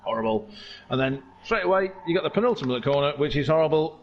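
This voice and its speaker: A man giving casual, jokey commentary on an online car race, chatty and excitable. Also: fairly high pitch, fast talker, lo-fi sound, slight background noise. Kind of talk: casual sim racing commentary.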